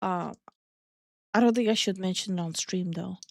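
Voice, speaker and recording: A woman's voice: on the low side, moderate pace, gravelly, dry recording, clean studio sound. A woman from Estonia co-hosting a casual stream chat, talking bluntly and swearing freely. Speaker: VTuber streamer and co-host.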